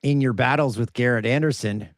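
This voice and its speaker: A man's voice: mid-range voice, fairly quick. A male sports talk host asks his guest questions in a friendly, easygoing tone, with some light laughter now and then. His voice has a dry, close sound with no room echo. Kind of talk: casual interview.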